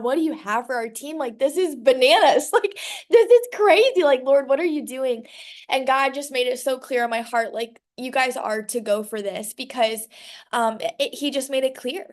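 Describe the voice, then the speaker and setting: High-voiced gushing woman on video call. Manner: gushing, emphatic, faith-filled pep talk. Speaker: sales director leading team call. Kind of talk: motivational team video call.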